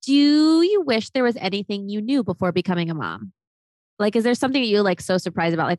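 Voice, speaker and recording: A woman hosts a casual interview, rattling along quickly with eager fillers. Her voice is mid-pitched and sits dry and close to the mic. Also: big pitch swings, a little mellow, no room sound. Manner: fast, enthusiastic, lots of fillers. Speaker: podcast host.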